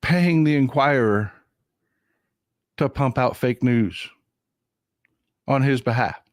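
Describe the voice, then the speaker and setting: A man from Texas hosting a livestream of political commentary, getting over a cold, talking in an animated, indignant way and repeating phrases for emphasis. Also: mid-range voice, takes it slowly, dry recording, studio quality. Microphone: desk mic at a computer for a livestream.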